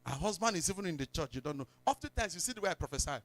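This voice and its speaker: This male pastor, Nigerian in accent, preaches a story-filled church sermon, breaking into pidgin and sudden shouts. He speaks rapid-fire in a high, animated voice.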